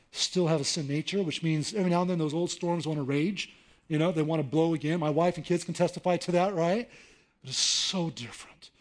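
High-voiced man preaching a sermon. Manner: conversational preaching, rising to animated emphasis. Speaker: pastor.

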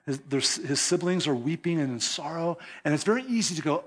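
A pastor preaching a sermon to his congregation in an animated, conversational way, chuckling as he talks. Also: on the high side, brisk, hardly any pauses, slightly rough.

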